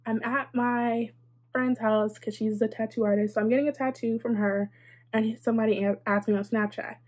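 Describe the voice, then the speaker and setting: A woman's voice: fairly high pitch, fairly even intonation, fairly quick, a little mellow. A young adult woman telling a casual storytime, chatty and sarcastic, with lots of "like" and wry asides. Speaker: vlogger.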